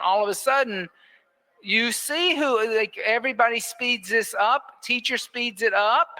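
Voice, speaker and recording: A man with a bright, clear voice leads a yoga class in an indoor studio. He calls out poses and counts each breath in a steady rhythm, and he often teases his students playfully. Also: very high-pitched. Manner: playful, teasing instructor who counts breaths aloud. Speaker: yoga teacher. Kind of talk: guiding a live yoga class.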